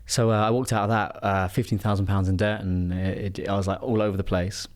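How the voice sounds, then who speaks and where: A man hosting a casual podcast, an animated storyteller who acts out the voices of the people he quotes. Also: lowish voice, brisk. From England. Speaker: podcast host and performance coach.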